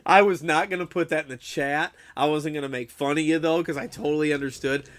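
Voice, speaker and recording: A man's voice: fairly high pitch, steady tone, a little fast, a bit bright. A young adult man chatting casually with viewers during a game live stream, swearing freely and laughing often. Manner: laid-back, swears a lot, laughs often, says dude.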